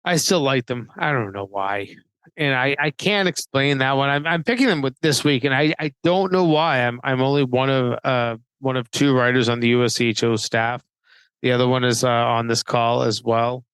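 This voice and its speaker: A man co-hosting a casual hockey betting chat, talking haltingly and restarting his sentences often. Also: medium pitch, fairly bright tone, smooth, no echo, rough recording. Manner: halting, hesitant, many restarts. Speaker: podcast co-host, hockey writer. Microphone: remote call mic.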